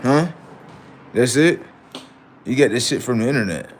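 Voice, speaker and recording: A livestream host, a man, argues in a mocking, slang-heavy way full of swearing. His voice sits at an ordinary pitch but swings widely as he presses his point. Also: lively intonation, normal speed, a little hiss or hum. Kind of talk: heated livestream banter.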